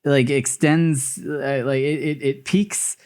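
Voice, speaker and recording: A man's voice: mid-range voice, fairly even intonation, slow pace, darkish tone. A man co-hosting a film podcast, talking casually and laughing often, with lots of filler words. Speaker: podcast co-host. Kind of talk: casual chat.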